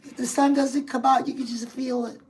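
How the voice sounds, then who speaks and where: Woman, high voice, chatty live-stream host, talks straight to viewers, reads comments aloud. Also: flat delivery, moderate pace, darkish tone, low-quality recording. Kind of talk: casual motivational live-stream chat.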